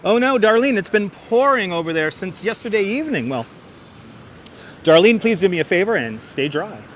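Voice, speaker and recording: Strolling outdoors through crowded city streets, this man hosts a live walking tour, chatting with his audience and calling out viewers by name as he reads chat. His voice sits high and expressive at a normal pace. A wireless lavalier and a phone on a gimbal capture him over faint street traffic.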